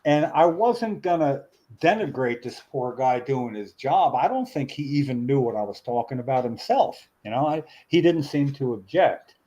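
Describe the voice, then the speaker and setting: A middle-aged man spins a long, meandering story. He is full of "uh"s and restarts and gets animated in the telling. His pitch sits in an ordinary middle range. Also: moderate pace, hardly any pauses, muffled recording. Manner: rambling, animated storyteller with many fillers. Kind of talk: casual storytelling chat.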